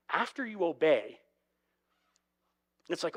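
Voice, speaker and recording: A pastor delivers his sermon in a loose, conversational way, slipping into the voices of the people he quotes. His voice sits a little higher than most men's. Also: lively intonation, moderate pace, long pauses, a bit bright. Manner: conversational, acts out quoted dialogue. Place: church sanctuary.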